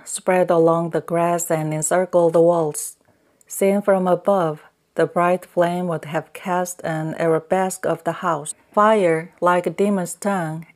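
A woman narrating an audiobook in a slow, measured reading voice. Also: lowish voice, darkish tone. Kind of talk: scripted narration.

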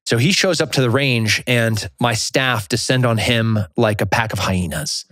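A man's voice: mid-range voice, normal speed, dry recording, studio quality. A man telling a story in casual podcast chat, acting out the people in it. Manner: animated storyteller, acts out others.

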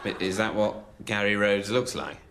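A man's voice: fairly low pitch, steady tone, normal speed, fairly bright tone. An actor playing a nervous man before a date, hesitant and stammering. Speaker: sketch character. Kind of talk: sketch comedy acting. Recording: clip with clear background noise.

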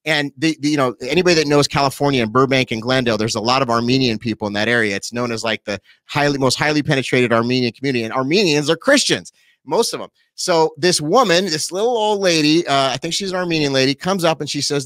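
Animated man in his forties, dry sound. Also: medium pitch, dry recording. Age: 40s. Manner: animated storyteller, quick asides, laughs easily. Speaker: pastor, guest. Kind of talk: personal testimony in an interview.

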